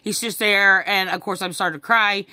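Upset lady venting to camera, halting, lots of ums and sighs, bright tense voice, dry sound. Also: mid-range voice, steady tone, dry recording. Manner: halting, repetitive, with many fillers and sighs. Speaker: vlogger recounting a family incident. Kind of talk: distressed personal account to camera.

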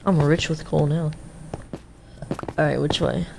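A woman's voice: low-pitched, steady tone, unhurried, creaky. A young woman streamer giving chatty, reactive commentary on her game, with casual mild cursing. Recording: noisy stream audio with clicks.

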